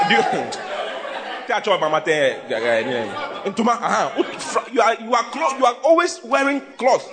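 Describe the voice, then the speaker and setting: High, lively pastor, teasing. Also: male voice, unhurried, over a noisy crowd. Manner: animated, teasing, often shouting and laughing with the congregation. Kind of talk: humorous sermon on marriage. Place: church before a live congregation. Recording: congregation noise behind the voice.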